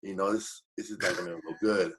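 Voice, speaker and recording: A man's voice: sits low, a little fast, background noise. A man from the United States, a guest comedian telling stories in casual podcast chat and acting out the people he quotes. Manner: storytelling with quoted voices, relaxed swearing.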